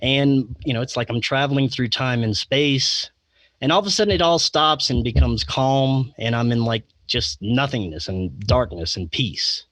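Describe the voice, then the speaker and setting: A man's voice: medium pitch, normal speed, a bit bright, dry recording. A man telling a long personal story as a podcast guest, rambling with many fillers, restarts and chuckles. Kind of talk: casual interview storytelling.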